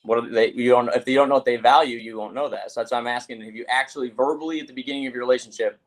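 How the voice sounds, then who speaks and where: A man talking quickly in a casual podcast conversation. He coaches and questions, dropping curse words as he goes, at an ordinary middle pitch. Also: steady tone. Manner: rapid, coaching, asks pointed questions, swears freely. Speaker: mental health coach, host.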